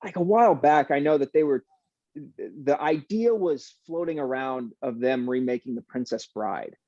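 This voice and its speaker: A young adult man, an actor guest, chatting casually in an interview, easygoing and animated with plenty of fillers. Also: medium pitch, moderate pace, dry recording, dull audio.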